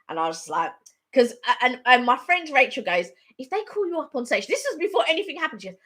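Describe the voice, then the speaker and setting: A woman chats casually on a live stream, telling a story that wanders and repeats itself. Her voice is bright and fairly high. Her pitch swings widely from phrase to phrase. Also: a little fast. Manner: rambling, repetitive, animated storytelling.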